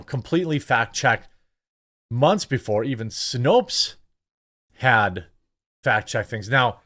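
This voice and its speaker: A man hosting casual political commentary, talking in an animated, sarcastic way with lots of fillers. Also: mid-range voice. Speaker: political commentator, channel host.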